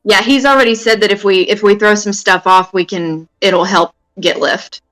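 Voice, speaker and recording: A woman's voice: mid-range voice, steady tone, normal speed, fairly bright tone, low-quality recording. A woman playing a tabletop game, asking practical questions and describing her character's actions. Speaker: player.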